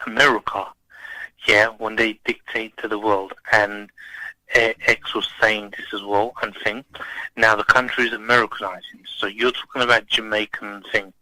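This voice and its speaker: A man's voice: on the low side, flat delivery, moderate pace, bright, forceful tone, dry recording, low-quality recording. A man calling in to a radio talk show, talking in an emphatic, insistent way. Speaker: caller.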